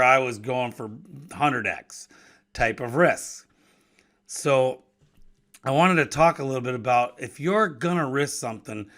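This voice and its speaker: A man's voice: medium pitch, pushed and bright. A man in his fifties from Wisconsin, hosting a casual solo talk about business risk, conversational and given to restarting his words. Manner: conversational, repeats and restarts words, laughs between thoughts. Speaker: podcast host and business owner.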